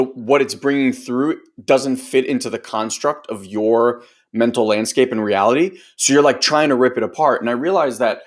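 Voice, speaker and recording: Loose-talking male coach who swears. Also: medium pitch. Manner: loose and conversational, swears, many fillers; acts out other people's voices in quotes. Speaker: host and personal growth coach. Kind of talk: casual group training talk.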